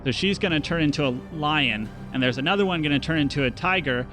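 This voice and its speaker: Brief: easygoing young male game master, rambling narration, a bit high-pitched. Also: quick pace, music in the background. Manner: relaxed, rambling, many fillers and restarts.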